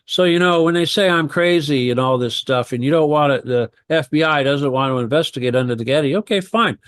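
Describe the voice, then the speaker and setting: A man's voice: fairly high pitch, a little fast, a bit bright, dry recording, studio quality. A man talking on a radio talk show, rambling and heated, firing off rhetorical questions.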